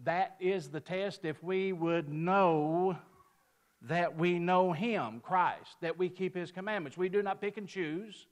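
A man's voice: high-pitched, slow. A man giving an emphatic sermon-style Bible lesson, lifting his voice on quoted verses and dropping it at the ends of phrases. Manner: mimics a picky customer in a folksy aside. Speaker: preacher.

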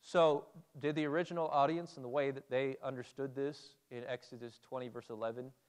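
Guy preaching a bible sermon, talks casually and asks questions, smooth voice. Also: mid-range voice, steady tone, fairly quick. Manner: conversational, asks the audience questions.

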